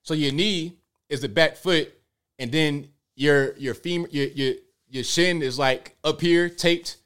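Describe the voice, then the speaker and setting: A male host of a live commentary show, talking in an animated way and firing off rhetorical questions. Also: on the high side, a little slow, smooth.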